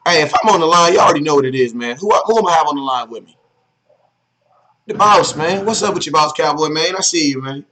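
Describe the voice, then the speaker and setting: A man's voice: a little high, animated, fast talker, pushed and bright, poor audio. A man hosting a live sports talk stream, chatting casually in slang and greeting viewers one by one by name.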